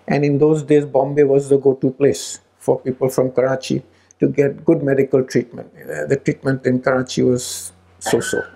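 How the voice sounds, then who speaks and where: A man's voice: medium pitch, little pitch movement, normal speed, vocal fry, warm tone. A middle-aged man telling a family story at a gathering, acting out the voices of the people in it. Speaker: speaker at a spiritual retreat. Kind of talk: storytelling talk.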